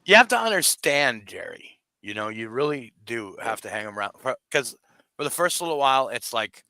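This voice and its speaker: A man in a casual comedic chat, talking in halting bursts with casual swearing. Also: medium pitch, big pitch swings, vocal fry, pushed and bright, no room sound.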